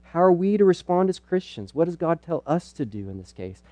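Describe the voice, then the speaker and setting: Man, middle-aged, church teaching talk, conversational, warm dark tone, dry room. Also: fairly high pitch, very animated, brisk, no room sound. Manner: earnest and conversational, with playful asides. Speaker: pastor speaking at a parenting night.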